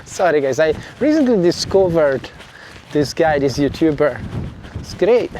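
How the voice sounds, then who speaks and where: A man's voice: on the high side, lively intonation, takes it slowly, pauses often, background noise. Chatty Italian-accented man vlogging outdoors. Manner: chatty, self-correcting, apologetic asides to viewers. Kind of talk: casual walking vlog. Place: outdoors by a seaside village harbour and beach. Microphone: clip mic under a jacket.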